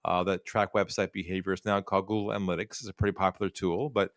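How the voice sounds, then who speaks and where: A man's voice: low-pitched, quick pace, no room sound, clean studio sound. A man speaking as a podcast guest, telling stories and acting out bits of dialogue as he goes. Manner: animated storyteller acting out dialogue. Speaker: podcast guest, sales trainer. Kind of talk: storytelling interview talk.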